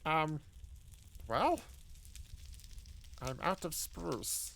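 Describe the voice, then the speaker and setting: A man's voice: a little high, big pitch swings, very slow, creaky, fairly bright tone, slight background noise. A man streaming a building game, rambling and joking as he talks to himself and greets his chat. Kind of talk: casual live gameplay commentary.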